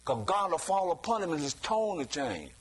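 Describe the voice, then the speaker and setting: A man's voice: a little high, sing-song, normal speed, husky, rough recording. A man preaching a sermon in a loose, conversational way, often stopping to ask "you see?" and chuckling between points. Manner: chuckles between points, acts out quoted voices.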